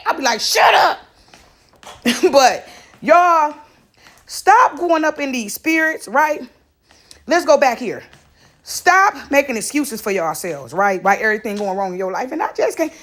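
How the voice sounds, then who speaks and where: High-voiced woman, lively casual monologue with impressions. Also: normal speed. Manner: animated storytelling, mimics others.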